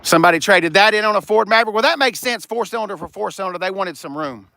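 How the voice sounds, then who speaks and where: Animated joking man, high bright voice. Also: quick pace, vocal fry, slight background noise. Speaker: car dealership vlogger. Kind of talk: casual walkaround chat. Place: car lot, in and around cars.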